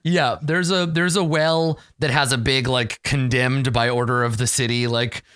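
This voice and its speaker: A man's voice: mid-range voice, fairly even intonation, moderate pace, fairly bright tone, smooth, no room sound, studio quality. A man running a tabletop game as game master, narrating in a loose, rambling way.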